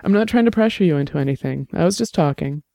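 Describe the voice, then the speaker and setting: A man voicing a gentle young man who talks steadily and reassuringly, with a light joking touch. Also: fairly high pitch, lively intonation, fast, vocal fry, no room sound, clean studio sound. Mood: tender, reassuring.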